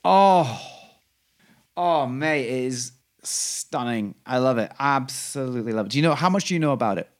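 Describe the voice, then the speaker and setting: A man's voice: mid-range voice, lively intonation, moderate pace. A man co-hosting a podcast in casual chat, rambling through fillers and restarts and gushing about shows he loves. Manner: enthusiastic. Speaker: podcast co-host.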